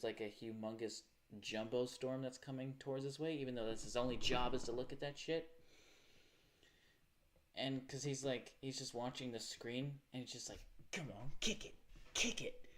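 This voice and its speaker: A man chatting casually on a livestream in a profane, rambling rant. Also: medium pitch. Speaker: live streamer.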